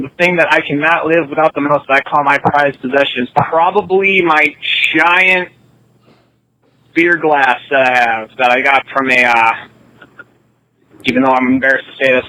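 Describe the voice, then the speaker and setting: A man with a fairly high, bright voice rambles easily through a call-in message. He talks loosely with fillers. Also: rough recording. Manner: rambling, easygoing. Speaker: podcast caller. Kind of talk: casual recorded call-in message.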